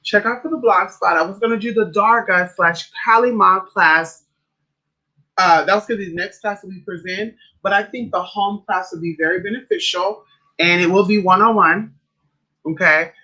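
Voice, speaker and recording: A man livestreaming as a spiritual advisor, chatting casually and sassily with viewers, calling them honey and girl. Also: normal speed. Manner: animated storyteller with big pitch swings.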